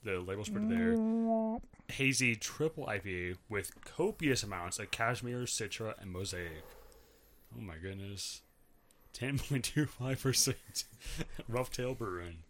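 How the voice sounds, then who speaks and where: A man's voice: mid-range voice, lively intonation, measured pace, a little hiss or hum. A man co-hosting a casual beer review chat, giggling and reading labels aloud. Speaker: podcast co-host reviewing beers. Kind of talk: casual chat over beers.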